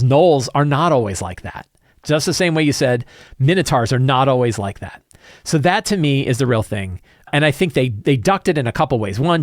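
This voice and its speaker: A middle-aged man hosts a one-man commentary on tabletop games and argues his views with a lively voice that swings up and down in pitch. His voice sits a little above average for a man and is recorded dry and close, with no room sound. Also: dry recording. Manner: animated, opinionated, restarts often. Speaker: show host. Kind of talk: solo RPG commentary.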